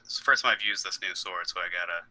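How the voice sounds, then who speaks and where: A young man playing a tabletop game speaks in a very deep voice with a sharp, bright edge. He talks casually and hesitantly, with plenty of ums as he works out his dice rolls. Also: fast talker, rough recording. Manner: hesitant, full of ums while adding up rolls. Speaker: player.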